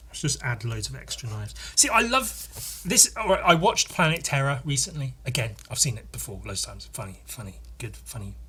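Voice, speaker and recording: A man's voice: medium pitch, lively intonation, brisk, few pauses, bright, forceful tone, breathy edge. A man from Scotland hosting a podcast, riffing in a profane, self-mocking, rambling comic monologue. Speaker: podcast host. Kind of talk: casual comedic monologue.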